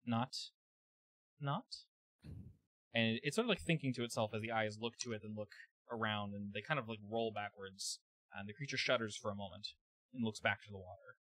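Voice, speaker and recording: GM, man, low voice, dry close mic, halting narration with fillers. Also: pushed and bright, no room sound, low-quality recording. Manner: halting, thinking aloud with fillers. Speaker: game master. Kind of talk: narrating a tabletop game.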